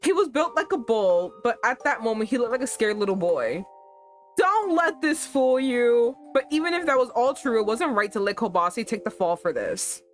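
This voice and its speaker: A woman streamer reading a romance game aloud and reacting with animated, profane asides. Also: on the high side, moderate pace, soft background music.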